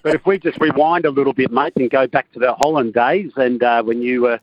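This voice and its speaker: A man's voice: medium pitch, fairly quick, highs cut off. An Australian man calling in to a podcast, ribbing a friend with a cheeky story. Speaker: caller. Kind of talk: casual phone call.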